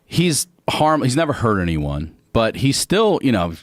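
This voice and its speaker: A man's voice: medium pitch, a little slow, no echo, studio quality. A man from Baltimore telling a long funny story in casual chat, acting out voices as he goes. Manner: animated, acts out voices and sings bits. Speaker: comedian guest.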